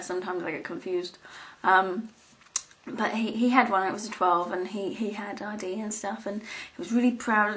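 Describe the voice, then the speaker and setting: A woman's voice: mid-range voice, a bit bright. A young woman vlogging, chatting casually in a rambling, giggly way with many ums and restarts. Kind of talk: casual chat to camera.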